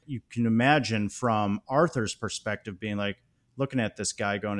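A man's voice: lowish voice, normal speed. A man co-hosting a podcast, talking through a film scene in a thoughtful, analytical way. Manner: thoughtful, analytical, animated when praising. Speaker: podcast co-host. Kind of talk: casual film discussion.

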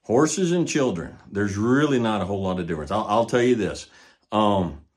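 Older man, very deep voice, folksy, plainspoken, casual solo talk, repeats himself for emphasis. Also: expressive, moderate pace. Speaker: podcast host, rancher and horse trainer. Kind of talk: casual monologue.

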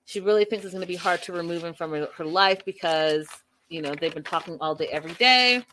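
A woman's voice: fairly low pitch, quick pace, bright, forceful tone, a little hiss or hum. A woman giving blunt, exasperated casual commentary on a reality show, talking straight to the people on it. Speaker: reality TV recap vlogger.

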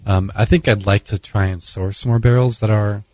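A man in a casual interview, explaining his brewing in a relaxed way, with many fillers. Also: fairly low pitch, moderate pace, dry recording. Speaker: brewer guest.

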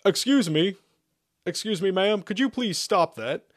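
A man's voice: high voice, lively intonation, takes it slowly, no echo, clean studio sound, voice pushed up, exaggerated voice. A man voicing a timid royal negotiator who politely begs someone to stop. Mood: pleading. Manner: fussy polite pleading.

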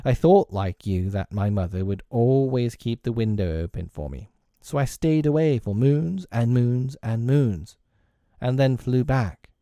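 A man's voice: mid-range voice, unhurried, mellow, no room sound, natural voice. A man voicing a brooding, solemn boy.

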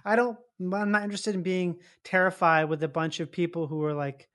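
A man's voice: sits high, flat delivery, brisk, fairly bright tone. A man hosting a loose, profane, rambling casual chat. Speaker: podcast host.

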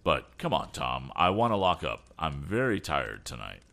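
An aged inventor, fretful and worn out, speaking with earnest fussiness in a storybook. His voice sits low but swings widely as a male narrator reads him. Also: sing-song, moderate pace, vocal fry, a bit bright, heavily acted.

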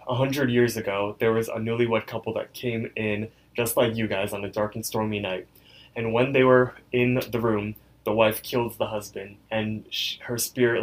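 A man's voice: lowish voice, low-quality recording. A young man co-hosting a podcast, casually retelling a spooky story and an episode, rambling with lots of "like" fillers. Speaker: podcast co-host.

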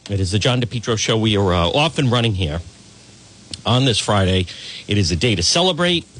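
A man's voice: a little high, bright, forceful tone, a little hiss or hum. A man hosting a morning radio talk show, boisterous and exuberant, greeting listeners by name.

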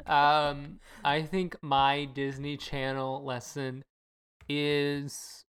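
A woman's voice: deep voice, little pitch movement, very slow, smooth. A woman co-hosting a podcast, chatting casually in a jokey, wry way. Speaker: podcast co-host. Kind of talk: casual chat.

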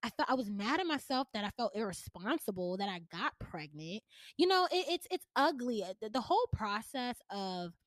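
A woman's voice: on the high side, very animated, moderate pace, no room sound, clean studio sound. A woman in her twenties hosting a podcast. She tells a personal story candidly and emotionally, talking straight to her listeners. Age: 20s. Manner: chatty, addresses listeners directly. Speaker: podcast host.

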